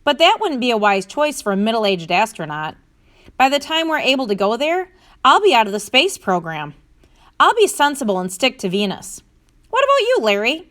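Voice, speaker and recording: Anna is a cheerful middle-aged astronaut from a classroom storybook, read aloud by a woman. The voice sits fairly high and swings around a lot as she talks eagerly about her mission. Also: very animated, moderate pace, fairly bright tone.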